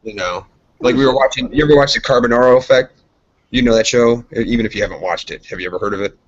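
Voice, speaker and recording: Husky man telling a rambling story. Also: medium pitch, fast talker. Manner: rambling storyteller, swears, mimics friends. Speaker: podcast co-host. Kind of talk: casual chat. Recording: dull lo-fi sound.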